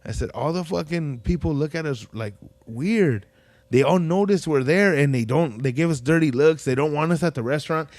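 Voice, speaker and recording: A man with a fairly high voice tells a story in a loose podcast chat. He swears a lot and jumps into the voices of the people in it. The sound is dry and close. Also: normal speed, no echo. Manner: profane storytelling, animated quoted voices. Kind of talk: casual chat.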